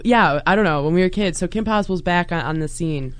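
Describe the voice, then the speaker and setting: A woman's voice: lowish voice, quick pace, clean tone, dry recording. A woman on a casual podcast, rambling playfully and poking fun at herself. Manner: rambling, playful, self-mocking. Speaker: podcast co-host. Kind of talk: casual chat.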